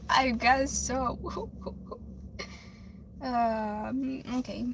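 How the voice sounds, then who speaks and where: A woman's voice: a little high, fairly even intonation, very slow, creaky, a bit bright, slight background noise. A woman hosting a livestream with card readings, chatting casually and rambling emotionally straight to her viewers.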